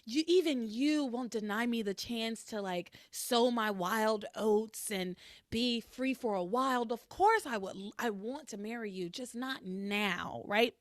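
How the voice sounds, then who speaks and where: A woman's voice: a little high, unhurried, no echo, studio quality, close to an everyday voice. A woman voicing a boastful, arrogant rich man in a podcast recap. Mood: gloating. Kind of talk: recap re-enactment.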